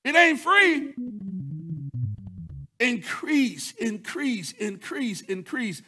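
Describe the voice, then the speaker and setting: High-voiced man preaching with rising shouts. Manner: repeats words, call-and-response asides. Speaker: pastor. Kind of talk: sermon.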